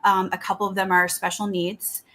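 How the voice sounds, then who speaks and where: A woman's voice: medium pitch, little pitch movement, moderate pace, a bit bright. A middle-aged woman, a psychic medium guest, chatting in a friendly, earnest way. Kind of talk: casual interview chat.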